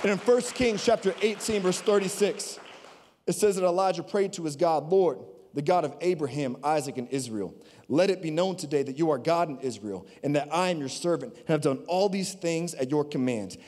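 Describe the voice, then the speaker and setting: A man preaching a sermon as a guest speaker, energetic and dynamic, swinging between loud bursts and quiet low lines. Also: moderate pace, some chatter behind. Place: church auditorium. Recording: long reverb of a large hall.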